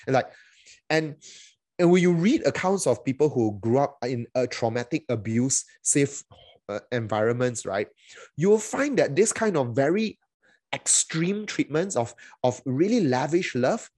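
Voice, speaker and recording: A man's voice: medium pitch, sing-song, measured pace, darkish tone, dry recording, studio quality. A middle-aged man, a pastor preaching a sermon in a casual, conversational way, with many fillers and restarts and playful quoted voices.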